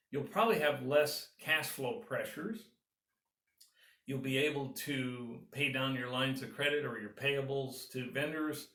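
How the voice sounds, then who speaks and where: A man's voice: mid-range voice, fairly bright tone, roomy sound, distant mic. A man, a business consultant, giving earnest, encouraging advice and walking through steps one by one. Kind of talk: advice talk to camera.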